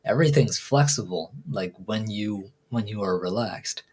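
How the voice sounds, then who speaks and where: A man's voice: on the low side, lively intonation, moderate pace, darkish tone, husky. A man hosting a live stream, chatting casually and rambling with a laugh. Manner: laid-back, rambling, laughs at own jokes. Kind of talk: casual chat.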